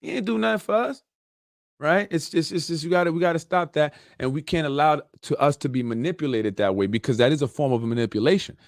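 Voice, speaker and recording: A man's voice: a little high, fast, few pauses, no echo, studio quality. A man hosting a political talk show, ranting loosely with sarcastic asides and a lot of "you know". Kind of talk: unscripted political rant. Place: Yonkers, New York.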